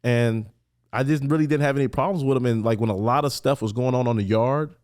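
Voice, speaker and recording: A man's voice: mid-range voice, quick pace. A man from Los Angeles, a podcast guest, telling his story conversationally with lots of "like" fillers and acted-out voices for the people he quotes. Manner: animated, acts out quoted voices, many "like" fillers.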